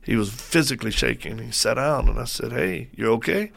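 A man as a guest on a faith talk show, telling stories in a lively way and acting out what people said. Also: mid-range voice, fairly quick, creaky, husky. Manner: lively storyteller who acts out quoted voices.

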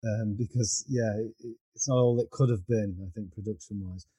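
A man's voice: on the low side, steady tone, fairly quick, mellow, slightly rough, no room sound. Hesitant man, dry close sound. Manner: hesitant, self-correcting. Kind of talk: casual chat.

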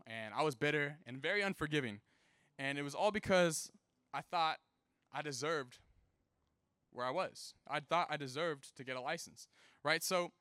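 A man's voice: on the high side, no echo, clean studio sound. A young man preaching a casual sermon, telling a personal story and acting out the people in it. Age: young adult. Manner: animated, casual, acts out quoted voices. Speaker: youth preacher.

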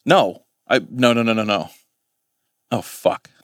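A man's voice: medium pitch, slow pace, a bit bright, dry recording, clean studio sound. A man, co-hosting a podcast in casual chat, rambling and swearing as he corrects himself. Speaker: podcast co-host.

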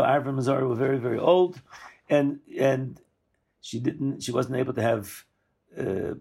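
Gravelly-voiced man teaching Torah. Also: medium pitch, a little mellow. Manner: discursive, self-correcting, acts out quoted lines. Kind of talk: weekly Torah lesson.

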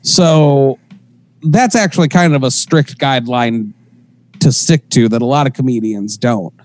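A man talking casually on a podcast, animated and profane, laughing often. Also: medium pitch, unhurried, rough recording.

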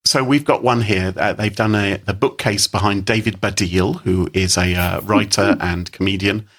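A man's voice: fairly low pitch, steady tone, moderate pace, fairly bright tone, husky. A man co-hosting a podcast, chatting in an amused way with frequent laughing asides. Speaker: podcast co-host. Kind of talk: casual chat.

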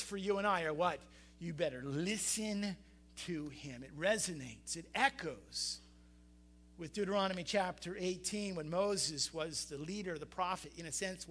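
A man preaching a sermon, animated, putting questions to his listeners and acting out the quotes he reads. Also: sits high. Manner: animated, talks to the congregation with questions and acted-out quotes. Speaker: pastor.

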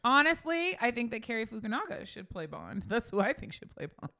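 A woman's voice: fairly high pitch, big pitch swings, a little fast, sharp tone. A woman co-hosting a casual chat, joking and riffing playfully.

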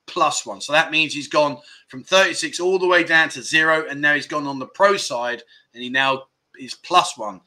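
A man's voice: fairly high pitch, moderate pace, sharp tone. A middle-aged man hosting a casual livestream, chatting loosely, laughing often and reading out viewer comments. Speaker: livestream host.

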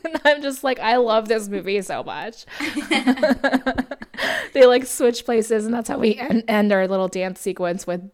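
A woman's voice: a little high, measured pace, a little mellow. A woman co-hosting a podcast, chatting casually about a film with lots of laughter, fillers and restarts. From United States. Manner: giggly, rambling with fillers and self-corrections. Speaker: podcast co-host. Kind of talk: casual chat recapping a film.

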